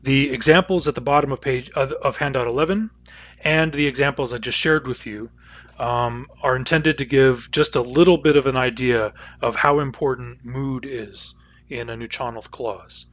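A man's voice: mid-range voice, normal speed, a bit bright, dull audio. Man teaching a language lecture. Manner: patient, methodical, with many uh fillers.

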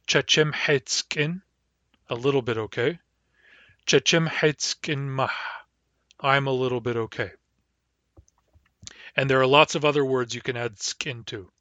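A man gives a patient language lesson, breaking words into parts and repeating them slowly. His recording sounds a little muffled and lo-fi. The sound is dry, with no room echo. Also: mid-range voice, fairly bright tone. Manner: patient, explains step by step, slows down to model words. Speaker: language teacher.

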